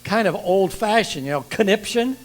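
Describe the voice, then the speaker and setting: An older man preaching a sermon in a church, lively and asking the congregation questions. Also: high voice, normal speed, rough recording.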